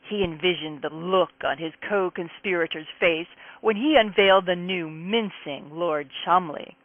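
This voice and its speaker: A woman's voice: fairly low pitch, dry recording. Woman author reading her novel, tinny sound. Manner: dramatic, emphatic storytelling. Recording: tinny phone-like dry sound.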